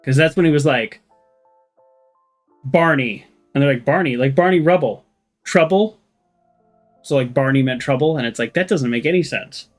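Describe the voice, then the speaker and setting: A man's voice: mid-range voice, brisk, soft background music. A man commentating a game playthrough, joking and rambling, and reading the characters' lines aloud in playful voices. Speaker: let's play host.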